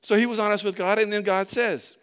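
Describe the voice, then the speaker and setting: Man, high voice, pastor, conversational sermon, restarts sentences often. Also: a little fast, clear, resonant tone. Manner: conversational, animated preaching with frequent restarts.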